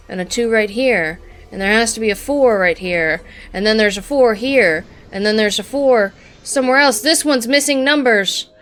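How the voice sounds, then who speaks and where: A woman's voice: medium pitch, fairly bright tone, clean tone. Woman streamer muttering through a puzzle. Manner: thinks aloud, muttering and exasperated. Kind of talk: live game commentary. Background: background music.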